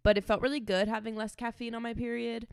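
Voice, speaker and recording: A woman's voice: on the high side, quick pace, vocal fry, clear, resonant tone, dry recording, studio quality. Chatty young woman co-hosting a podcast. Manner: chatty, animated storytelling, swears freely. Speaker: podcast co-host. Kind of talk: casual chat.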